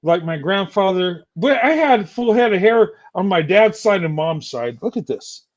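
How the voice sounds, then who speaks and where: A man's voice: high voice, expressive, moderate pace, muffled recording. An older man streaming a heated, insulting rant at a rival. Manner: angry, insulting, taunting.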